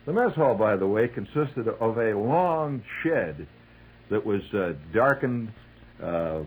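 A man telling a comic, wry story about army life, acting out the shouted calls. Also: fairly low pitch, very animated, slow pace, slightly rough, rough recording.

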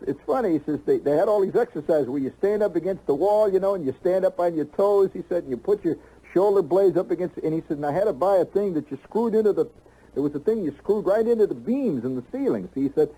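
Rambling folksy male storyteller, dark husky tone, slightly higher pitch. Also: animated, quick pace, poor audio. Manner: folksy and rambling, full of "you know" and restarts. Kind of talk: rambling comic storytelling monologue.

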